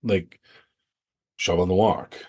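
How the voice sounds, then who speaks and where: A middle-aged man with a husky, breathy edge to his voice, talking in a low register. He chats casually as a podcast co-host and tells stories with self-deprecating humor. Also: steady tone, a little slow. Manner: chatty storyteller, self-deprecating. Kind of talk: casual chat.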